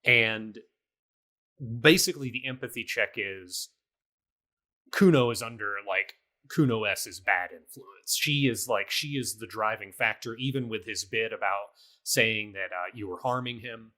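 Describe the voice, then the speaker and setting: A man's voice: lowish voice, unhurried, pushed and bright. A man co-hosting a podcast, casually recapping his video game playthrough in a rambling way, full of fillers. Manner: rambling, filler-heavy storytelling. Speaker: podcast co-host.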